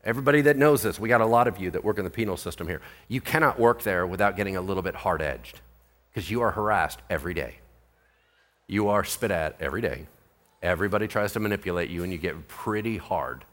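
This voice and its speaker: A male pastor preaching a sermon in an animated, conversational way, full of rhetorical questions. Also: sits low, fast talker.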